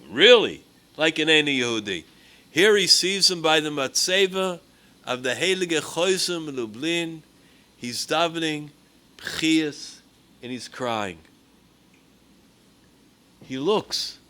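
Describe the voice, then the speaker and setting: A rabbi giving a sermon, telling a story with Hebrew and Yiddish words and swinging between loud emphasis and hushed tones. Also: male voice, fairly high pitch.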